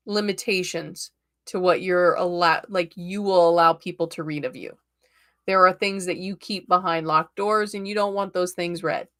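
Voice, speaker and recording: A woman with a slightly low voice gives tarot readings on a live stream. She talks in a chatty, reassuring way and keeps checking in with her listeners. She laughs easily between thoughts. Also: fairly bright tone. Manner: laughs often.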